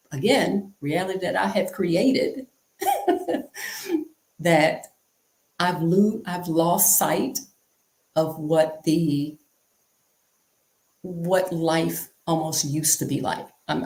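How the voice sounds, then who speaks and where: A woman talking as an interview guest, telling stories candidly in an animated, chatty way and repeating phrases for emphasis. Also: lowish voice, slow, pauses often, echoey room. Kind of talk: candid conversational storytelling.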